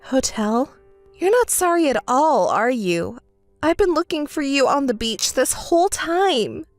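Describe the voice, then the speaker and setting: An exasperated young bride, voiced by a woman, scolds her husband in a texting story. Her voice sits high and swings widely in pitch. It is dry and close to the mic, with quiet music underneath. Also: very animated, unhurried, dry recording. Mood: indignant. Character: young bride, hurt and indignant wife. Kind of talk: text-message story narration.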